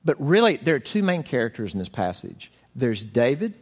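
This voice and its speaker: A man's voice: mid-range voice, moderate pace, breathy edge, in a large hall. A man preaching a conversational sermon, telling stories expressively and acting out the lines he quotes. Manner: expressive storyteller, voices quotations dramatically. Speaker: pastor.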